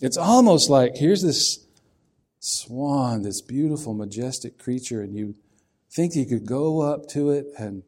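A man's voice: medium pitch, lively intonation, unhurried, darkish tone. A man preaching a sermon in a folksy, conversational way, often asking his listeners questions.

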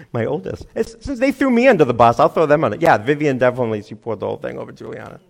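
A middle-aged man preaching a sermon, animated, acting out crowd voices and laughing at himself. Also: medium pitch, fast talker, creaky. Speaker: pastor.

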